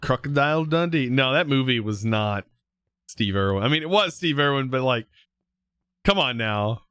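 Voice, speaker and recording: A young man live streaming, chatting casually with viewers in a relaxed, rambling way full of fillers and restarts. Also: medium pitch, normal speed, clean tone, no room sound. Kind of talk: casual chat reading viewer comments.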